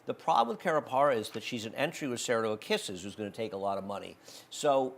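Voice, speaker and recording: A man's voice: mid-range voice, animated, quick pace, gravelly. A man hosting a horse racing betting show, giving blunt, opinionated handicapping in casual chat.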